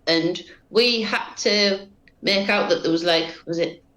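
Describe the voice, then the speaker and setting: A British woman chatting on a podcast, giving brisk, upbeat replies. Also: lowish voice, fairly bright tone, echoey room, poor audio. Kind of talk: casual chat.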